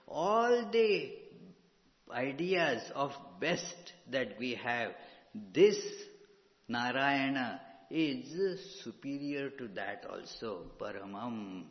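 Slow, measured male spiritual teacher. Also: a little high, animated. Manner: slow, measured, with frequent pauses and fillers. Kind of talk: scripture lecture. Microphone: microphone. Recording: dull hall recording with long reverb.

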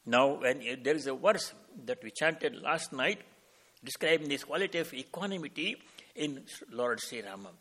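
A man giving a devotional discourse as a spiritual teacher, telling a sacred story slowly and calmly and explaining Sanskrit terms as he goes. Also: medium pitch.

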